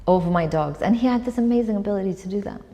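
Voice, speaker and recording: This woman author recounts a personal story during a live onstage conversation, reflective and often laughing. She talks very fast in a warm, medium-pitched voice, and the event room adds long hall reverb.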